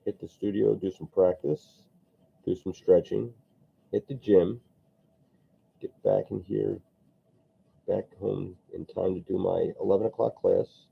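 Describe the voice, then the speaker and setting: Gravelly low-voiced man rambling while sculpting. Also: steady tone, unhurried, long pauses. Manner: rambling, chatty, answers viewer comments. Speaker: sculptor streaming while working. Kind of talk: casual live-stream chat while sculpting. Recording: tinny phone-like audio.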